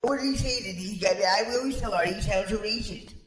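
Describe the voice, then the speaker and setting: Man playing a giggly young niece, very high and bouncy, roomy echo. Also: fast talker, a bit bright. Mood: eager replies. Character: young woman, the aunt's eager niece. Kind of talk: improvised comedy sketch.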